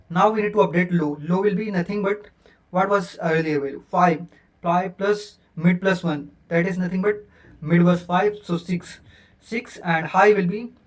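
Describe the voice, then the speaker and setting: Recorded on a distant mic, a high-voiced man walks through a screen-captured coding lesson, counting numbers out loud step by step. He's a programming teacher who keeps correcting himself and leans on frequent fillers.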